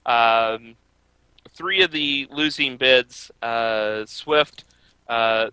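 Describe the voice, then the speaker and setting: A man co-hosting a motorsport podcast, talking casually with many filler pauses. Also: medium pitch, bright, forceful tone, clear, resonant tone, no echo, low-quality recording. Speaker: podcast co-host. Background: baby crying.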